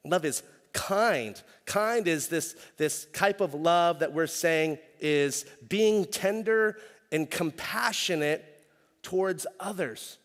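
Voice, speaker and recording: A middle-aged man, preaching a conversational sermon as pastor and telling stories in animated slang. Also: fairly high pitch, slow pace, long reverb tail. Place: church stage.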